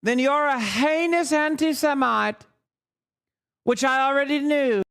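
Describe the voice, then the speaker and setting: A man's voice: very high voice, unhurried, a bit bright, heavily acted. A man putting on a prim, racist British female newsreader in a comedic impression, sarcastic and accusing. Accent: put-on British.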